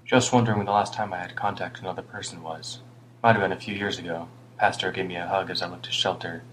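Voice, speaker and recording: A man's voice: deep voice, fairly even intonation, fast talker, a bit bright, slight background noise, poor audio. A man voicing a weary, older homeless British man who rambles ruefully and reproaches himself. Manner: rambling, rueful, muttering at times.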